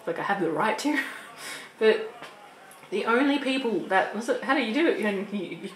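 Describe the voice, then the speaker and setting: A woman's voice: mid-range voice, expressive, normal speed. Young Australian woman, casual vlog chatter, meandering and giggly; roomy, slightly noisy recording. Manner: rambling, laughs often, restarts sentences. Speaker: vlogger. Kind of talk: casual chat. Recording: echoey room with faint noise.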